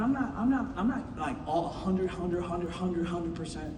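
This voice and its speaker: A middle-aged man giving an impassioned motivational speech to a room of recruits, swinging from shouting to hushed tones. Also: high-pitched, moderate pace, hardly any pauses, a faint crowd, slight background noise. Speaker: business team leader speaking to recruits. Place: large meeting room with an audience. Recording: echoey hall, mic far off.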